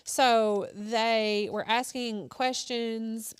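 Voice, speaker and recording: A woman in her thirties co-hosts a crafting channel, sewing while she chats casually and tells rambling family stories full of fillers. Her voice is a little high, steady, clear and resonant, and she speaks very slowly, with no room sound.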